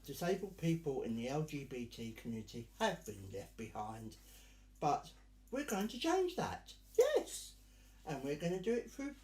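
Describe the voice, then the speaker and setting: A man's voice: mid-range voice, a little mellow, echoey room. A man performing as a drag act, hosting in a camp, theatrical manner and calling the audience dear and darling. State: sweltering in costume. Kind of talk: live virtual Pride stage address.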